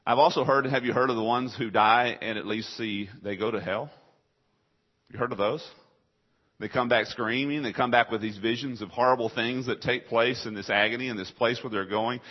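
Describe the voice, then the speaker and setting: A man delivers a sermon in a husky voice, throwing rhetorical questions at his congregation and answering them himself. His delivery swings from hushed, low passages to loud, high-pitched emphasis. The recording is dull and lo-fi. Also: normal speed. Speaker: pastor.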